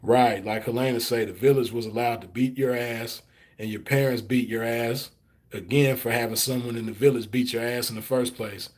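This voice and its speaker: A man's voice: mid-range voice, steady tone, normal speed. A man hosting a stream, telling a story in a loose casual monologue and answering chat, with lots of "you know what I mean" fillers. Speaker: host reading chat comments.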